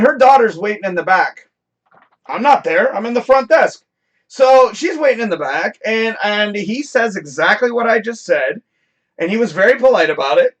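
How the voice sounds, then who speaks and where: A man on a live talk show, telling a work story as a loose, profane rant. His voice sits fairly high and swings widely, climbing into near-shouts when he gets heated, then dropping low and quick for his asides. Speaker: podcast host.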